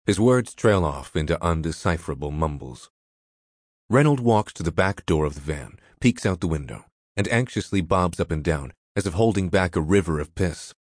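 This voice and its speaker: A man narrating an audiobook in a measured, descriptive way. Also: sits low, lively intonation, no echo, clean studio sound.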